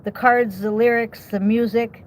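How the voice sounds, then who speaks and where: A tarot reader gives an unhurried, casual reading outdoors in a high-ish voice with a steady tone. She's chatty and reassuring, often checking in with the listener via okays and rhetorical questions, and slight background noise sits under the low-quality recording.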